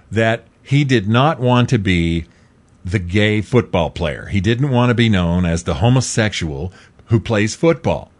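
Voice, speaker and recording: A middle-aged male host with a fairly low voice that keeps leaping up and down in pitch. He talks in an emphatic, repetitive way. His opinionated monologue swings between loud outbursts and muttered asides. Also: expressive, measured pace. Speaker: talk show host.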